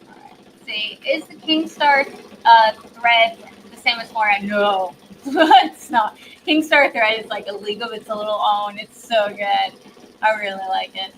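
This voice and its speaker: In casual live-demo chat, a woman shows off embroidery, gushing and laughing often at a measured pace in a mid-range, slightly bright voice. She's a bit congested, mentioning cold medicine, and the rough recording carries a little hiss or hum.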